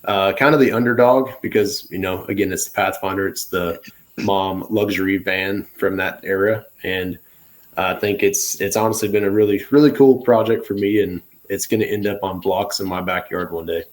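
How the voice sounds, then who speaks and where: A man's voice: sits low, steady tone, moderate pace. A young man guest casually and enthusiastically explaining his vehicle build from his home garage. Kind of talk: casual chat.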